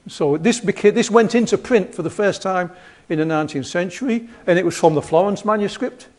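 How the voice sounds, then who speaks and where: Talking fairly quickly in a high voice, a Yorkshire-accented man rambles through an informal slide lecture, poking fun at himself as he goes.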